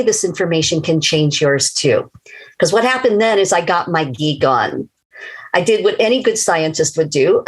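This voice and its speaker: A woman's voice: fairly low pitch, poor audio. An older woman telling her personal story in an earnest, emotional way, as a scripted testimony.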